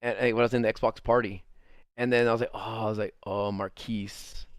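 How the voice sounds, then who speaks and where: A man's voice: medium pitch, little pitch movement, racing, clear, resonant tone, no echo. A young man streamer telling a personal story in casual chat, rambling with lots of fillers and the odd swear. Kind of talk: casual storytime while gaming.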